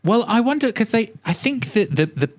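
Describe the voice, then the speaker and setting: A man's voice: high-pitched, very animated, normal speed. A man in casual podcast chat, often restarting his sentences before landing on emphatic points. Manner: hesitant restarts, then emphatic. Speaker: podcast co-host.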